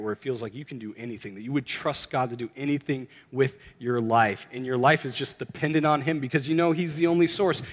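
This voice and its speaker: A man preaching in a conversational, earnest way that builds to emphatic bursts. His mid-pitched voice carries a long hall reverb. He sounds like a pastor addressing his congregation. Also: a bit bright. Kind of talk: sermon.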